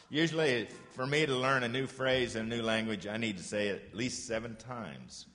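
A man teaches a group of children with a patient, encouraging voice at an ordinary middle pitch. He slowly repeats short phrases so they can echo them. The sound carries a long reverb from the room. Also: sharp tone. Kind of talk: classroom lesson for children.

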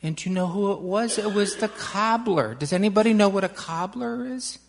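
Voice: medium pitch, lively intonation, vocal fry. A speaker telling a family story to children during a church service, asking them questions along the way. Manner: slow, questioning the children, dramatic pauses. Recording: long reverb, large hall.

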